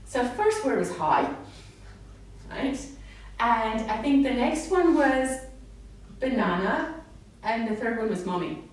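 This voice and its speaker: Lively speech therapist lady talking to parents, big echoey room, a bit far from the mic. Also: a little high, takes it slowly, a little hiss or hum. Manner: animated, models words in a sing-song voice. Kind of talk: live talk to parents. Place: hall with a live audience.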